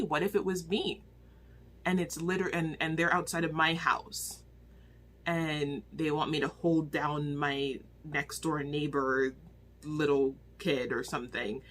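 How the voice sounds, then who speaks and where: A woman chats into her phone about a book she just read. She talks in an animated, exclaiming way, often stopping to restart her sentences as she rambles along. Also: deep voice, slightly rough. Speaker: book reviewer. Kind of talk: casual vlog book review.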